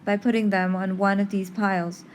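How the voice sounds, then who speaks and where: A woman telling a story in an expressive podcast narration, reading dramatically with pauses. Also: medium pitch. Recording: faint background noise.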